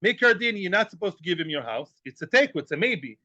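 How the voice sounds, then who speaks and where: High-voiced playful man teaching Talmud. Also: sing-song, quick pace, sharp tone, no room sound. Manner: playful, joking, sprinkles Hebrew and Aramaic terms; rhetorical questions, repeats phrases. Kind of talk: Talmud class lecture.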